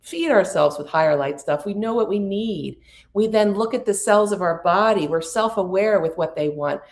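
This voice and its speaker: A woman's voice: mid-range voice, moderate pace, a little mellow. A middle-aged woman giving a spiritual prosperity coaching talk about astrology, speaking in an earnest, soothing way with playful asides.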